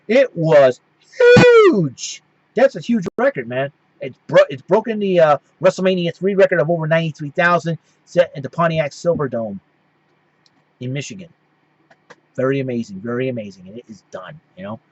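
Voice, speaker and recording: A man's voice: fairly high pitch, a little fast, highs cut off. A man hosting his own show, giving a casual recap that rambles and keeps restarting its sentences. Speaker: host.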